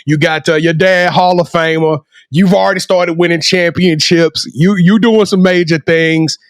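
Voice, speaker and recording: A man hosting an interview, playful and lively, with slang like "y'all". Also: on the high side, normal speed, dry recording, clean studio sound. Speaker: interview host. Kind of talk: casual interview chat.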